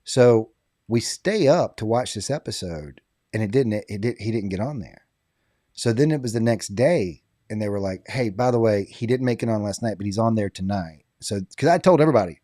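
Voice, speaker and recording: A man in a casual podcast chat, spinning an animated anecdote and laughing as he goes. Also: fairly low pitch, fairly quick, no room sound, studio quality.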